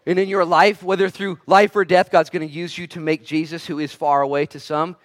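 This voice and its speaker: A man preaching a sermon as pastor, swinging between loud emphatic bursts and quiet asides, and acting out voices in quoted lines. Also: high voice, steady tone, fast talker.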